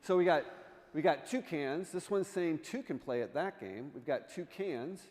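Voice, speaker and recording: A man with a somewhat high voice gives a lighthearted, jokey presentation, tossing questions to the crowd. His voice rings out with a long, lingering echo, as heard in a church sanctuary. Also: expressive, normal speed, darkish tone. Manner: playful, jokey, quizzes the audience. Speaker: artist in residence giving a presentation. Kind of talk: humorous illustrated talk to a congregation.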